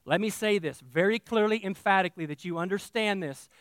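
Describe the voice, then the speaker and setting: A male pastor preaching a sermon, talking straight to his congregation and swinging from quiet asides to loud, emphatic declarations. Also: high-pitched, a little fast, clear, resonant tone, dry recording, clean studio sound. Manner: talks directly to the congregation.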